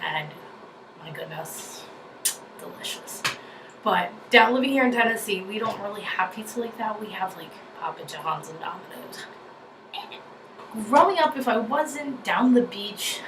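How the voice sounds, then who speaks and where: Young woman vlogger, New York accent, chatty and bubbly, recorded in an echoey room with noise. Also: mid-range voice. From New Jersey. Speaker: YouTuber. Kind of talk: casual vlog chat. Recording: echoey room, mic at a distance, noisy.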